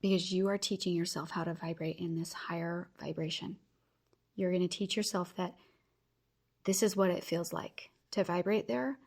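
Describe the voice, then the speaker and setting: A woman in her thirties hosts a motivational podcast, challenging her audience and encouraging them directly in an earnest way. She talks at normal speed, her lowish, darkish voice keeping a fairly even intonation.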